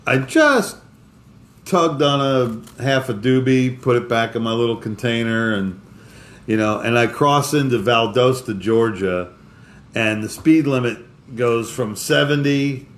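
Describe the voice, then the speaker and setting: Male co-host, mid-range voice, loose rambling storyteller, casual chat. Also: medium pitch. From Florida. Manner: rambling, halting with many restarts. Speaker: podcast co-host.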